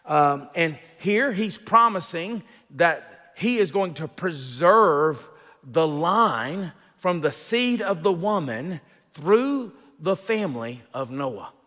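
A man preaching an expository sermon as a pastor, teaching in an unhurried way with fillers and restarts and rising emphasis on key points. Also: a little high, expressive, a bit bright, big-room sound.

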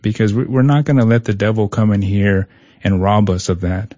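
A man's voice: on the low side, a little fast, mellow, dry recording, muffled recording. A man guest in an interview, telling a personal story in an earnest way, often repeating words. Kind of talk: conversational interview.

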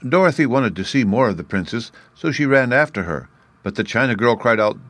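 A man narrating a classic storybook chapter in a measured, even way. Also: mid-range voice, no room sound. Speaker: audiobook narrator.

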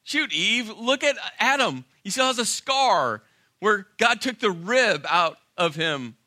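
A man's voice: high voice, lively intonation, slow, sharp tone, dry recording, studio quality, voice pushed up, exaggerated voice. A man voicing a sarcastic male serpent in a sermon retelling, with a mocking, wheedling manner. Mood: coaxing. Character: sly sarcastic male serpent, coaxing tempter.

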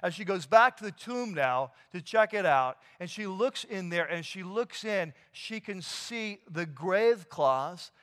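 A pastor retelling a scripture story in a sermon, animated and casual with slang and fillers. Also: male voice, sits high, a little slow, hardly any pauses. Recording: long hall reverb.

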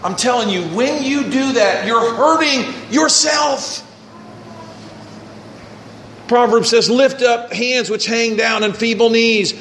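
High-voiced preaching pastor, echoey room. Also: male voice, slow pace, gravelly, a bit bright, a little hiss or hum. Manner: preaching with acted-out quotes and scripture reading. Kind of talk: sermon.

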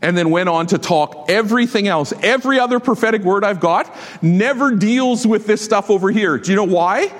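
A man preaching a sermon as a pastor, emphatic and exhorting his congregation with quick asides. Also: high voice. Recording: long hall reverb.

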